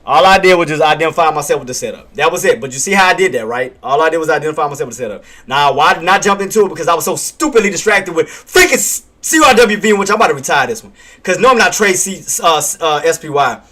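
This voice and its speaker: Excitable man calling market moves live. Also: a little high, fast talker. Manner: repeats himself, asks rhetorical questions and answers them; punctuates calls with "bam" and chuckles. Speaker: day-trading livestream host.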